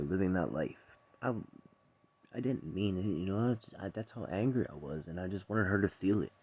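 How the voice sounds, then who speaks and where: A man telling a painful story from his own life to the camera, profane and emotional, loud when he is angry and quiet when he is full of regret. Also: low-pitched, lively intonation, normal speed. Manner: raw, profane, emotional retelling; quiet and subdued when remorseful.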